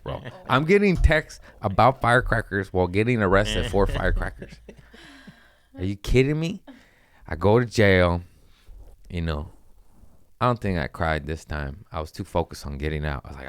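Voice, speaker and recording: A young man telling a wild story in casual podcast chat, swearing freely and jumping into high voices when he quotes people. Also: moderate pace, no room sound. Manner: animated, acts out quotes with sudden pitch jumps, swears freely.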